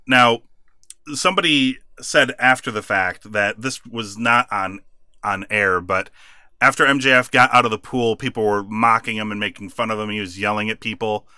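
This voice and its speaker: A man's voice: fairly low pitch, measured pace, sharp tone, smooth, dry recording, studio quality. A man co-hosting a podcast, animatedly recapping a wrestling show in casual chat and laughing often. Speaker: podcast co-host.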